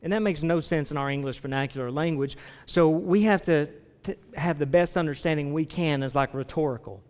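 A man's voice: a little high, brisk, a little mellow. A man preaching a conversational sermon to a congregation, asking them questions directly and often restarting his phrases. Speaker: pastor. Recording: long reverb of a large hall.

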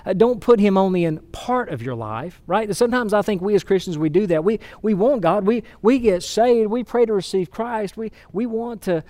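A pastor preaching a sermon, telling stories earnestly with frequent repeated words. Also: male voice, high-pitched, warm tone, no room sound.

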